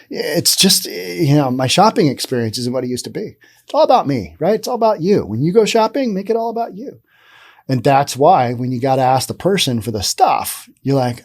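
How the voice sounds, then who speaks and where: A man's voice: fairly high pitch, lively intonation, moderate pace, a little mellow. A middle-aged man hosting a solo podcast, talking casually with rambling, sarcastic asides. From Pacific Northwest, US. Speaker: podcast host.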